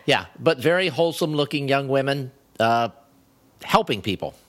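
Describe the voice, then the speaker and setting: A man hosting a casual talk show, speaking in a measured, mildly amused way. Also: mid-range voice, expressive. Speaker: podcast host. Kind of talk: casual chat.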